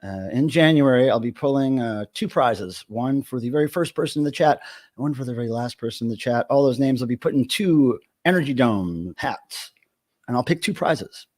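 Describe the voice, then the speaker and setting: Jokey middle-aged livestream host. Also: male voice, medium pitch, lively intonation, normal speed, a little mellow. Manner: jokey, greets chat viewers by name. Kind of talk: casual livestream chat.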